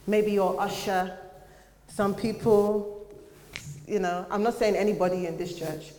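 A young adult woman preaching a sermon in earnest, conversational tones, sometimes pausing on fillers. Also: mid-range voice, steady tone, mellow, slight background noise. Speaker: church speaker. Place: church hall. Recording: echoey church hall.

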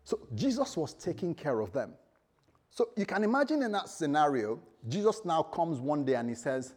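A man's voice: a little high, sing-song, moderate pace, darkish tone, slightly rough. A male preacher giving a sermon, telling stories animatedly and acting out the voices of the people in them.

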